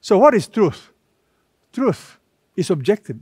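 A man pastor preaching a sermon, emphatic and repetitive, with dramatic pauses between phrases. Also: high-pitched, big pitch swings, darkish tone, slightly rough, no echo, clean studio sound.

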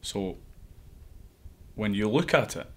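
Male coach, low husky voice, earnest and searching in interview. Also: expressive, slow pace. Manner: earnest, thinking aloud with restarts. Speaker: assistant head coach. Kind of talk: interview answers.

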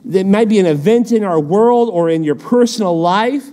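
A male pastor teaching a midweek Bible study, animated, firing off rhetorical questions and quips. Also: high voice, moderate pace.

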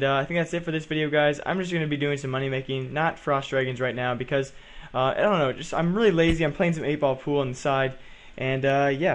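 A teenage boy hosting his own gaming channel, rambling through casual gameplay commentary and correcting himself as he goes. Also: medium pitch. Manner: rambling, chatty, self-correcting.

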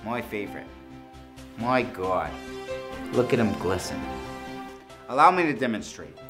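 A brash, foul-mouthed man with a thick Boston accent delivers a comedy sales pitch. His pitch climbs and swings all over the place, and music plays clearly underneath him. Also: very animated, a little slow. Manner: brash, crude and boastful. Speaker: inventor pitching to investors.

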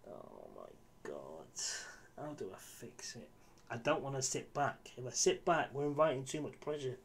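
A gaming YouTuber gives casual, exasperated commentary on his football management game, swearing and talking to his viewers. His mid-range voice runs a little fast with fairly even intonation, and there's slight background noise.

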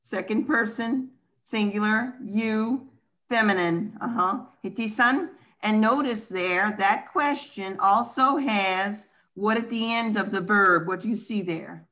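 A woman's voice: mid-range voice, slow, pushed and bright. A woman teaching an online language class, patiently explaining step by step over a video call.

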